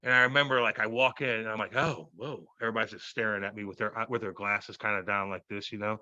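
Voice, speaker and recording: A man's voice: on the low side, quick pace, no echo. Give me a brash, cursing man in his thirties recounting hockey days, with a dry, dull podcast sound. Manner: loud, profane, animated storytelling. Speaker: guest, former hockey player. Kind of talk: casual storytelling interview.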